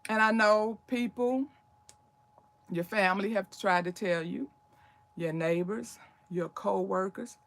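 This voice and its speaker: A woman's voice: medium pitch, slow, pauses often. An older woman hosting a casual livestream, talking in an urgent, preachy, emphatic way. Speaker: livestream host.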